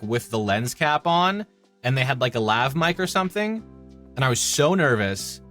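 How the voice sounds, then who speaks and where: A man in his thirties from Canada, a voice actor chatting casually in an interview and telling lively anecdotes. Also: mid-range voice. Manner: chatty, animated anecdotes with acted-out quotes. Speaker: voice actor guest.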